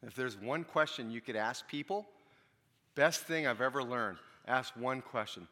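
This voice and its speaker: A man's voice: mid-range voice, moderate pace, pushed and bright. A man preaching a sermon in a conversational way, asking his listeners questions and telling stories. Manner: conversational, asks the congregation questions. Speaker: pastor. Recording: long hall reverb.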